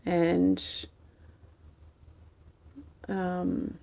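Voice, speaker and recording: A gentle woman hosts a live support stream, answering viewers one by one in a soft, reassuring manner. Her voice sits a little low for a woman. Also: completely flat delivery, drawn-out words, creaky. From Australia. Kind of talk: casual live-stream chat reading viewer comments.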